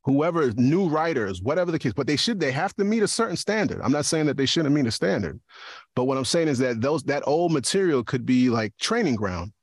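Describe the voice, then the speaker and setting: A man in a casual podcast discussion, speaking in a halting way and often repeating words as he works out his point. His voice sits at an ordinary middle pitch. The sound is dry and close, with no room echo. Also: very animated, slightly rough. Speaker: podcaster and guest.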